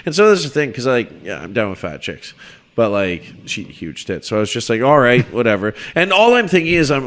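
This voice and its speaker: A man on a podcast telling a story to friends in a casual, animated way, swearing freely and acting out the people he quotes. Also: medium pitch, brisk. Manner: animated, swearing, shouts when quoting people.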